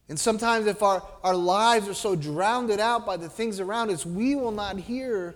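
A man preaching a sermon as pastor, animated, acting out little voices and dropping to a soft hush to make his points. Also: high voice, moderate pace, few pauses. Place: church sanctuary. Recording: long reverb of a church hall.

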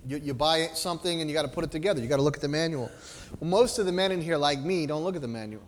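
A man preaching a sermon as pastor, animated, acting out little voices and dropping to a soft hush to make his points. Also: sits high, fast. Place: church sanctuary. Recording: long reverb of a church hall.

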